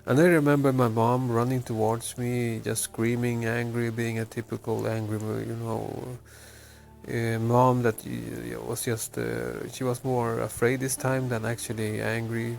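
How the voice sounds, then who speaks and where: A man from Chile telling a personal story with many pauses, fillers and restarts. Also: medium pitch, level tone, creaky, a little mellow. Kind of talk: personal story told to camera.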